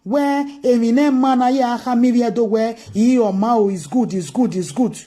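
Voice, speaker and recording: With a fairly high but dark-toned voice at a normal speed, a Nigerian woman delivers forceful political commentary over a livestream. She has an Edo Pidgin English accent and keeps repeating her main phrases.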